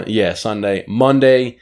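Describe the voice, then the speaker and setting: Dude cohosting a chill podcast, animated, does little voices when he tells stories. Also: lowish voice, slow. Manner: animated storytelling, acts out quotes. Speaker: podcast co-host. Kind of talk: casual chat.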